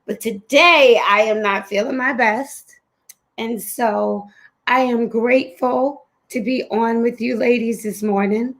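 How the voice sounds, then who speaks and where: A woman hosting a live-streamed talk show, speaking candidly and conversationally with slow, drawn-out pauses. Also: fairly high pitch, bright, forceful tone. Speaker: host.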